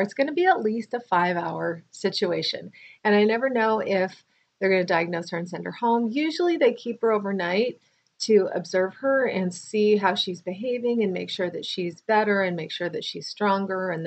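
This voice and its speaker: A woman's voice: medium pitch, fairly quick. A tired middle-aged woman chatting casually to camera, telling a rambling personal story with restarts and asides. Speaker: vlogger.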